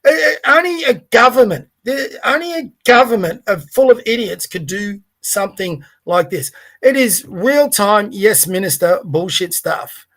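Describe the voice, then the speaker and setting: A man with a fairly high voice hosts a livestream podcast. He talks in a blunt, rambling way and swears freely. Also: expressive, a little slow, hardly any pauses, a bit bright. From Australia. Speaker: podcast host. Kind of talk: livestream commentary.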